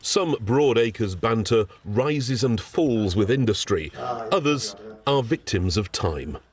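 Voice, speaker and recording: Male news reporter from London, animated intonation, playful, laughs easily. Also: lowish voice, slow pace.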